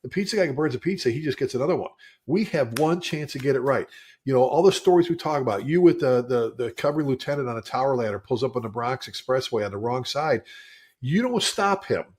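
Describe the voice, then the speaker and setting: A man's voice: mid-range voice, animated, a little fast, a little mellow. A man co-hosting a fire service podcast, telling stories emphatically and repeating key phrases to drive them home. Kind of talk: conversational podcast talk.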